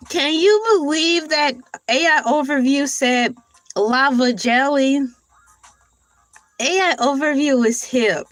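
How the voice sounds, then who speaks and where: A woman's voice: high-pitched, slow pace, a bit bright, no room sound, low-quality recording. A woman hosting a casual morning livestream, chatting to viewers, laughing often and reading search results aloud. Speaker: livestream host.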